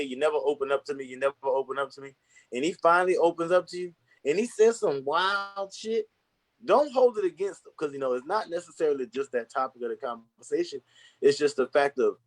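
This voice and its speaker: Candid young man speaking plainly. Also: medium pitch. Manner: candid, storytelling, acts out voices in anecdotes. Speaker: podcast guest. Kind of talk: casual conversation.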